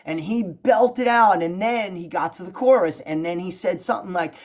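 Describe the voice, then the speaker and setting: A middle-aged man, a guest songwriter, telling stories in a casual interview, chatty and animated, filling his talk with "you know" and "man". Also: sits high, normal speed, few pauses. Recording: dull lo-fi sound.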